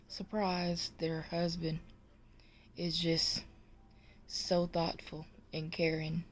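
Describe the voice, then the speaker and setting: Woman storyteller, low and unhurried, jokes to camera. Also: slight background noise. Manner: slow, drawn-out delivery. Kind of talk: telling a joke to camera.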